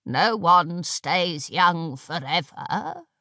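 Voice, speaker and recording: A woman voicing a very old, sly witch who speaks in a rasping, wheezy voice, slow and knowing, in an audiobook. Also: fairly low pitch, expressive, bright, forceful tone, dry recording, clean studio sound, exaggerated voice. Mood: sly, croaking. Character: ancient wheezing female witch, sly and unhurried. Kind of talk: audiobook character voice.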